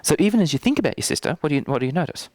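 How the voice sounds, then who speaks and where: A man's voice: a little high, very animated, rapid-fire, a little mellow, no echo. Trainer type, male, playful and teasing, dry close sound. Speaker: NLP trainer. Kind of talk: live workshop demonstration. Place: training room.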